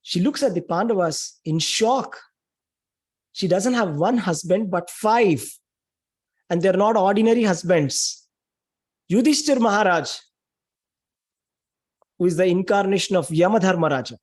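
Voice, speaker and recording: A man's voice: high-pitched, unhurried, pauses often. A man giving a spiritual talk, retelling a scripture story in an emphatic, dramatic way with lots of repetition. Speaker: spiritual speaker.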